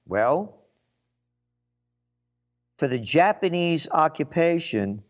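A man delivers a solo rant, full of sarcasm and indignant emphasis. His voice sits fairly high for a man. The recording is muffled and lo-fi. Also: expressive, measured pace. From the Bronx, New York. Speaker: commentator. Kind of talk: ranting solo commentary.

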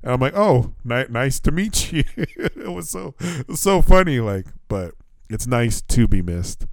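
A man's voice: medium pitch, very animated, unhurried, creaky, no room sound. A man, a podcast host in his thirties from the United States, telling a long travel story in casual chat, swearing often and acting out both sides of the conversations. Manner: profane storytelling with laughs and quoted dialogue.

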